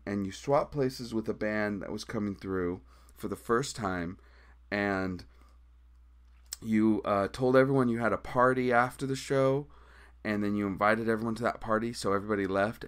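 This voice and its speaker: Guy guest on a podcast, lowish voice, animated, acts out everyone in his story. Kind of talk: casual storytelling.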